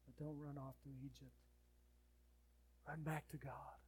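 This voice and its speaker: A man preaching a sermon as pastor, swinging between loud urgent appeals and quiet pleading, then leading a prayer. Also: a little high, a little slow, long pauses, breathy edge, dry recording.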